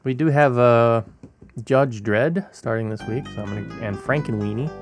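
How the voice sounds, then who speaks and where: A man co-hosting a film podcast, talking in a relaxed, rambling way with lots of fillers. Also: medium pitch, normal speed, soft background music. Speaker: podcast co-host. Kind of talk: casual podcast chat. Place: Hong Kong.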